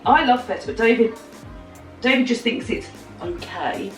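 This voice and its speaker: A woman's voice: on the high side, animated, moderate pace, soft background music. A woman in her thirties chatting casually in a home vlog, rambling and giggly. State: slightly snotty with a cold. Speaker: vlogger. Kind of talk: casual chat. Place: home kitchen.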